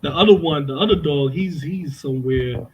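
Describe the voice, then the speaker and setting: A man's voice: a little high, moderate pace, muffled recording, noisy background. A middle-aged man, telling stories in a casual chat at home on cheap headphones. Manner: animated storytelling, swearing freely. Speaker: podcast co-host. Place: home, indoors. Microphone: cheap headphones with mic.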